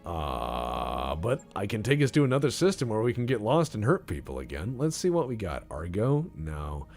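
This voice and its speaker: A man's voice: lowish voice, huge pitch swings, moderate pace, creaky, darkish tone, faint music behind. A man streaming a game and talking casually, rambling in a joking, mock-serious way.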